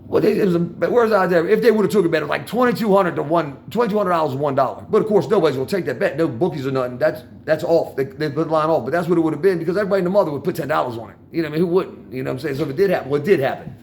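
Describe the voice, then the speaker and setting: An older man with a Washington DC accent tells rambling street-corner stories about gambling and betting. His voice is gravelly and sits a bit high. Faint outdoor street noise runs underneath. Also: rapid-fire, few pauses, a little mellow. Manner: rambling, profane street talk with constant "man" and "y'all". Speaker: vlogger talking to viewers. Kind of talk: casual storytelling monologue.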